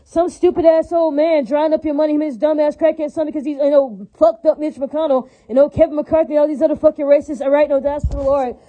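A woman's voice: high voice, steady tone, fast, few pauses, warm tone, rough recording. A woman in an angry, profane monologue rant, repeating the same warnings again and again. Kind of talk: ranting monologue.

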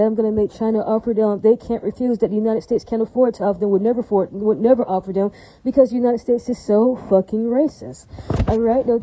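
A woman's voice: fairly high pitch, dark tone, no room sound, rough recording. A woman talking in a rambling, repetitive monologue to viewers, often tacking "right?" onto her lines and laughing between phrases.

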